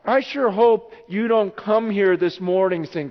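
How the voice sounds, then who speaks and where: A man preaching a sermon as pastor, telling a story in an animated, emotional way. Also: high voice, unhurried. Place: church sanctuary. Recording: dull echoey church hall.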